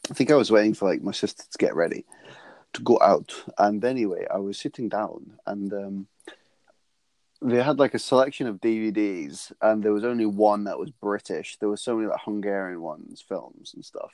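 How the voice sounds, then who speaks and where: This is a podcast co-host in relaxed conversation with a friend, a man with a rather low voice. He tells rambling, joking anecdotes and laughs often. The sound is dry and close. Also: normal speed, no echo. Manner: rambling, jokey storytelling with frequent laughs. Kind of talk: casual chat.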